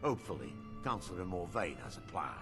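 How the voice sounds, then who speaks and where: Lively dark elf innkeeper. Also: male voice, low voice, brisk, over music. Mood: worried. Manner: theatrical storytelling, swooping delivery. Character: jovial dark elf male innkeeper, yarn-spinner. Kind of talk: video game dialogue.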